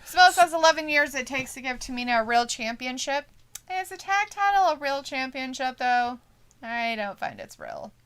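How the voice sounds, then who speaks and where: A woman's voice: high-pitched, sing-song, moderate pace, fairly bright tone, clear, resonant tone. A woman co-hosting a casual live watch-along stream, reading viewer comments aloud, laughing often and swearing casually. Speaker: stream co-host.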